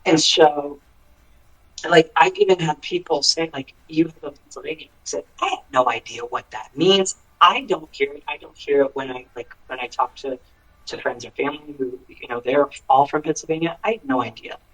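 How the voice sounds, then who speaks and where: A man's voice: on the high side, moderate pace, pushed and bright, rough recording. A man from the United States, a country singer, talks earnestly as a guest in a casual interview, often restarting and filling with "um" and "you know". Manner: earnest, thoughtful, many restarts and fillers.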